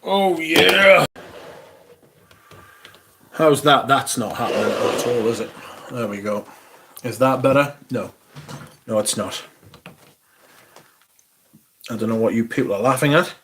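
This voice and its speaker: Male streamer, mid-pitched, swears a lot and dramatizes chores, faint background hiss. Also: animated, a little slow, pauses often, a bit bright. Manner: sweary, theatrical, grumbling to himself. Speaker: livestream host. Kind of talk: casual livestream chat. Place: room at home, moving about while tidying.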